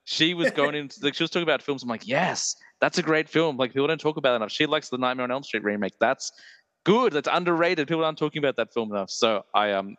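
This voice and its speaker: A man's voice: mid-range voice, quick pace, a bit bright, no room sound, in a large hall, dull audio. A man hosting a podcast in casual chat, rambling enthusiastically and jumping between tangents. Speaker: podcast host.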